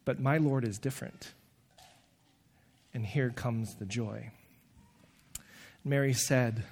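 A man preaching a sermon in an animated way, acting out the voices he quotes. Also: mid-range voice, slow pace, long pauses.

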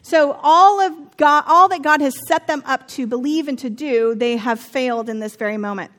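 A woman in her thirties with a high, light voice gives a conversational Bible teaching. She keeps it chatty and wry, slipping in personal asides and jokes between the verses. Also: moderate pace, a bit bright.

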